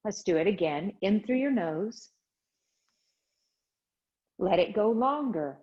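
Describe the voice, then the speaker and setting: Slow, soothing woman yoga teacher. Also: mid-range voice, darkish tone, lo-fi sound. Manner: slow, soothing guided instructions. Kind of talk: guided chair yoga class. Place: home studio livestream.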